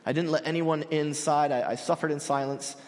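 A young man in his twenties preaching a sermon, earnest and halting, with frequent restarts. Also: on the high side, fairly even intonation, a little mellow, big-room sound. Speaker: pastor.

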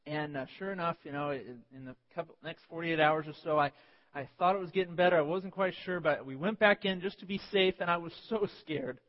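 A man pastor preaching a sermon, telling personal stories with animated voices and sudden yelps. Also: fairly high pitch, a little fast. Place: church sanctuary. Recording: dull sound with long church reverb.

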